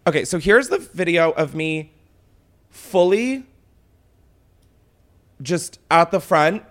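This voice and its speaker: A man's voice: on the high side, normal speed. A young man hosting his own show, casually retelling a wild night out with lots of swearing and dramatic quoting. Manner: animated, swearing, dramatic retelling with put-on quotes. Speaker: podcast host. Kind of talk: casual storytelling chat.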